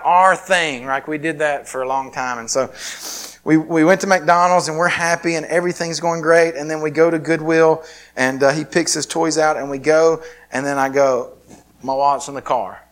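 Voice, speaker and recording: A man's voice: fairly high pitch, normal speed, a bit bright. A man preaching a sermon, telling a personal story in a conversational, self-deprecating way. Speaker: pastor.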